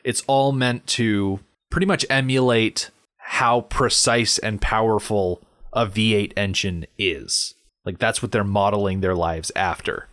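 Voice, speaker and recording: A man's voice: lowish voice, fairly even intonation, unhurried, a bit bright. A man co-hosting a casual movie podcast, explaining background at length and acting out scenes. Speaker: podcast co-host.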